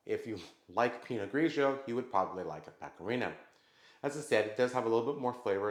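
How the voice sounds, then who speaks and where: A man hosting his own vlog, explaining wines to the camera in a casual, conversational way. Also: on the low side. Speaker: vlog host. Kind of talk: casual talk to camera about wine. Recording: echoey room.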